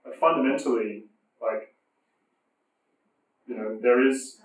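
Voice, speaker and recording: A man's voice: medium pitch, takes it slowly. Man, host, hesitant filler-heavy questions, very reverberant, distant. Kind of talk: casual interview questions. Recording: very echoey room, distant mic, faint ambience.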